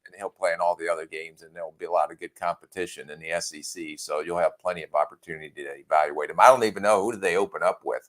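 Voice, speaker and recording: A man's voice: deep voice, fairly even intonation, quick pace, hardly any pauses, a bit bright. A man co-hosting a podcast, giving plainspoken views with dry humor. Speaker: podcast co-host, former NFL executive. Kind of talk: casual sports chat.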